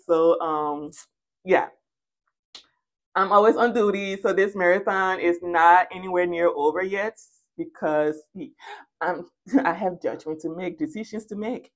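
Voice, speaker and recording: A woman giving a tarot reading, animated and playful and speaking straight to the viewer, sometimes dropping into soft asides. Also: on the low side, measured pace. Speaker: tarot reader. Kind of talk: spoken tarot reading to camera.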